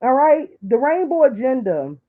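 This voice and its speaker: A woman talking on a live stream in a preachy, emotional way, dropping low for asides and climbing high when she pleads. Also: big pitch swings, moderate pace. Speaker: online commentator. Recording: tinny phone-like line.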